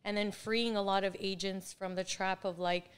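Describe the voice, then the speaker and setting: Speaking at a normal pace in a medium-pitched, clean-toned voice with little pitch movement, a woman in her forties takes part in a relaxed interview. She's a real estate coach who laughs frequently while sharing stories.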